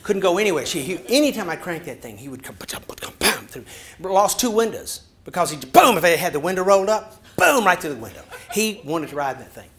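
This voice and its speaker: A man's voice: high-pitched, very animated, fairly quick, a bit bright. Man doing a big folksy storekeeper. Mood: yarn-spinning. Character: big old barrel-chested storekeeper, tall-tale teller.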